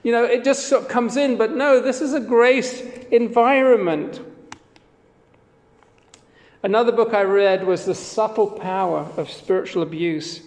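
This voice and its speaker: A man's voice: high-pitched, unhurried, big-room sound. A man preaching a sermon as pastor, in an earnest, conversational way, with quoted readings woven in.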